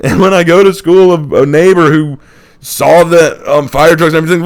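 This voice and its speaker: A man's voice: a little high, steady tone. A man from the United States telling a funny childhood story on his channel and laughing often. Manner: acts out people in the story with quick impressions. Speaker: channel host. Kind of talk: casual storytelling.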